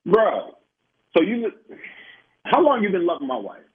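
A man's voice: sits high, big pitch swings, a little slow, husky. A man in a heated phone argument, angry, profane and stammering as he confronts the caller. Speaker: prank call target. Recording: tinny phone line.

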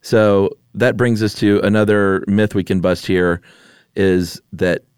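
A laid-back man with a fairly low voice, co-hosting a podcast and chatting casually. He laughs easily and keeps it loose. The recording is dry and close. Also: fairly even intonation, slow, darkish tone, clean tone, dry recording. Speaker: podcast co-host. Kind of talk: casual chat.

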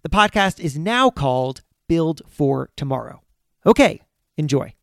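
Wry, animated male podcast host. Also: on the high side, measured pace, vocal fry, dry recording, clean studio sound. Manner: wry, jokey, animated storytelling. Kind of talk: scripted podcast narration.

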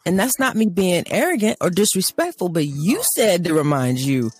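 Husky woman preaching in a rant. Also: on the low side, very animated, moderate pace, darkish tone, dry recording. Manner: emphatic, acts out dialogues, laughing asides. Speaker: co-host. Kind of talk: animated faith talk, preaching rant.

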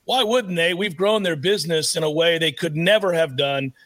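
A man co-hosting a sports podcast in a high, lively voice. He jokes with the others and puffs up his sponsor talk in mock-grand style. He stays playful and quick to tease. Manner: animated, joking, mock-grandiose. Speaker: podcast co-host. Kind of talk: casual sports podcast chat.

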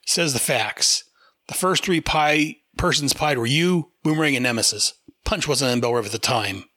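A smug amateur sleuth lays out the facts in a matter-of-fact, bright voice, as a man reads his lines. The recording is close and dry. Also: mid-range voice, normal speed, dry recording. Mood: explanatory. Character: calm know-it-all man explaining a mystery.

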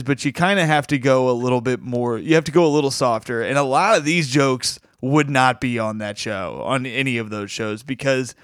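Man, podcast co-host, casual chat, enthusiastic, rambling, smooth voice, dry close sound. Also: mid-range voice, fairly bright tone, no room sound.

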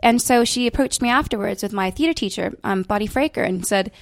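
A young adult woman with a slight British inflection, telling stories in a bubbly, animated way as an interview guest. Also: medium pitch, a little fast, dry recording. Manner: bubbly, animated storytelling with laughs. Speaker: guest, stage actress. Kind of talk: casual interview chat.

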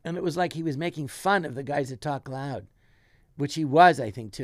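A man's voice: on the high side, brisk, no room sound, studio quality. A man telling a rambling comic anecdote as a guest, with frequent restarts. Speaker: guest comedian. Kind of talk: casual storytelling.

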